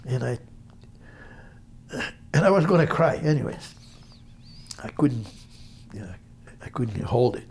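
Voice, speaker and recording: An older man from Brazil with a Brazilian accent, telling stories in an interview in an animated, halting way. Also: medium pitch, gravelly, slight background noise. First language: Portuguese. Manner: animated, halting, acts out voices in quotes. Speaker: interview guest, musician. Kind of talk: storytelling interview.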